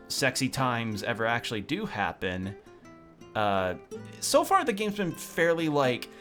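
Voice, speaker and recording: A man's voice: medium pitch, fairly bright tone. A young man streaming a game, rambling, joking and reading the game's text aloud with stumbles. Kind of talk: let's play commentary.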